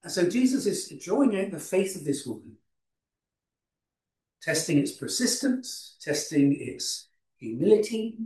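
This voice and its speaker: A man preaching a sermon, unhurried, with frequent restarts and fillers. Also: high-pitched, big pitch swings, darkish tone, far from the mic. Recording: roomy hall, voice from off-mic.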